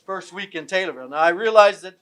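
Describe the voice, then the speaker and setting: A man's voice: high-pitched, animated, quick pace, a bit bright. An older man from southern Illinois giving a folksy, joking speech at a tribute event in an event room. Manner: folksy, joking, self-deprecating. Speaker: guest speaker at a tribute event. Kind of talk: after-dinner speech with jokes and stories.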